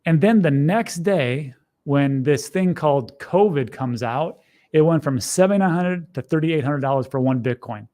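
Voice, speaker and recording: A middle-aged man talks through what is on his screen in a loose, conversational way. His voice sits a little higher than most men's, and he drops in wry, sardonic asides as he goes. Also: animated, normal speed, mellow. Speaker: host. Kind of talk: casual screen-share commentary.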